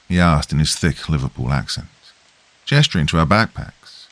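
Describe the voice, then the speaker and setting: A man's voice: rumbling low, lively intonation, moderate pace, a bit bright, no echo. A man reading a horror story aloud as a scripted first-person narration.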